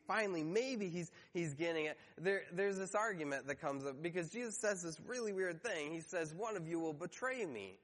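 Male pastor, high-pitched, storytelling sermon with a long reverb tail. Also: fairly bright tone. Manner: storytelling, acts out quoted voices briefly.

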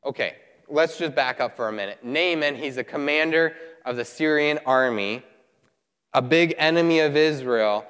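Male preacher, fairly high voice, lively sermon delivery, long hall echo. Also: moderate pace, smooth. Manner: animated, voices the characters while retelling. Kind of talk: sermon with scripture reading.

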